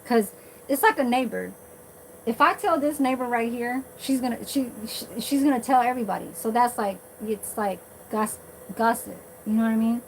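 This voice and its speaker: Casting: woman vlogger, slightly high voice, blunt and cussing, rambling casual monologue over a noisy background. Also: normal speed. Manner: blunt, profane, rambling with many fillers.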